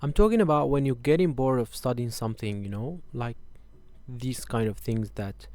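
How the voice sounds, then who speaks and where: A man's voice: medium pitch, moderate pace, darkish tone. A man hosting a casual interview, chatty and peppering his questions with fillers. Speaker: host.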